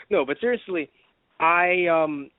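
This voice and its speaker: This podcast co-host speaks slowly in a fairly high voice, rambling through casual conversation with many fillers and false starts. There's no echo, and the sound is dry and phone-like.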